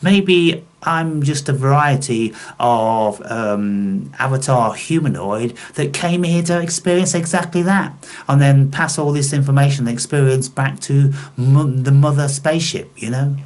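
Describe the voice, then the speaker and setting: A man's voice: medium pitch, a little slow, darkish tone. Blunt, swearing man ranting to viewers. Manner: blunt, swears constantly, scornful. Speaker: spiritual video channel host.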